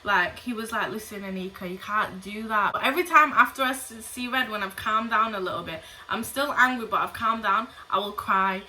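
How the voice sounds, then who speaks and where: Bright-voiced young woman. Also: a little high, brisk, hardly any pauses, rough recording. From England. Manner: animated, profane and blunt. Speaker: vlogger. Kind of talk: casual storytime chat.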